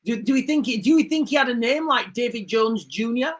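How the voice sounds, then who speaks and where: This woman's voice is a little high, expressive, and brisk, and the recording is rough. Hosting a livestream, she delivers casual commentary with indignation, rambling and often saying the same things again.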